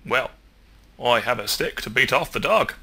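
A man's voice: mid-range voice, animated, moderate pace, gravelly, sharp tone, husky, full character voice. A man voicing a cautious male frog who earnestly reasons through his fears. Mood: insistent. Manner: earnest, patient, reasoning through what-ifs.

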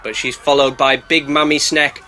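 A man's voice: level tone, normal speed, pushed and bright. A British man narrating a sarcastic, jokey movie recap as a reviewer. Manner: cheeky, sarcastic, bursts into squeaky put-on voices.

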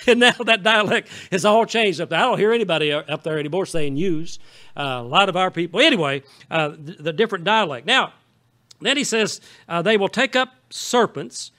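In the sanctuary, a man preaches with a high, brisk voice that comes across bright and forceful. He's a pastor from Southeast Missouri with a Southern Missouri accent, keeping the sermon folksy and conversational while frequently checking in with the people in the pews.

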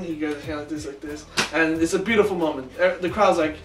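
A man co-hosting a casual chat, telling a story with lively acted-out quotes. His voice sits a bit high and comes from some distance off the mic. The room rings with echo, and faint music plays behind. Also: quick pace, hardly any pauses. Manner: animated storyteller, acts out quotes. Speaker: podcast co-host.

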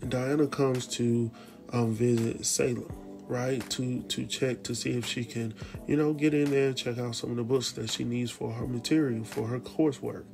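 A man casually recapping a TV drama episode, animated and slangy, speaking straight to his viewers. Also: medium pitch, normal speed, vocal fry, over music. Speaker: TV recap host.

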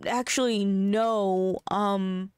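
A woman's voice: medium pitch, fairly even intonation, very slow, clear, resonant tone, soft background music. A woman voicing a laid-back adult man in a life-sim game, hesitant and stammering. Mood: sheepish.

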